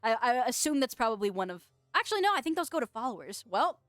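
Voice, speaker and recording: A young adult woman streamer chatting casually and excitedly with her viewers, laughing often. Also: on the high side, fast, no echo. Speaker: streamer and VTuber. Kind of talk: casual livestream chat.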